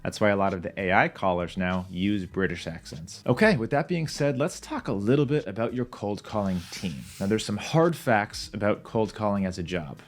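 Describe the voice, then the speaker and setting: A man's voice: lowish voice, expressive, moderate pace, few pauses. A man teaching beginners a sales method in a direct, confident, plain-spoken way. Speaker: sales trainer. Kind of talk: instructional talk to camera.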